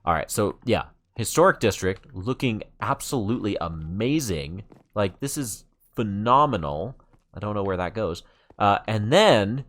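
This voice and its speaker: A man with a fairly low voice gives casual let's-play commentary, rambling and padding his talk with fillers and restarts. He gets excited easily as he shows things off. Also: unhurried. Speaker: gaming channel host.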